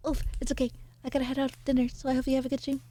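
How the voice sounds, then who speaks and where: A woman's voice: sits high, completely flat delivery, rapid-fire, dark tone. A young woman streamer reading a novel aloud and chatting with her viewers, with rambling, apologetic asides.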